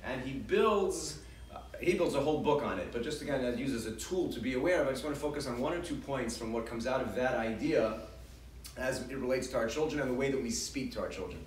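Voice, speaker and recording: A man's voice: medium pitch, expressive, quick pace, far from the mic, a little hiss or hum. A man teaching a parenting class, talking in a chatty way with audience questions, often repeating and restarting his words. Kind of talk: casual lecture with audience questions. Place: large hall with an audience. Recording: echoey hall recorded from afar.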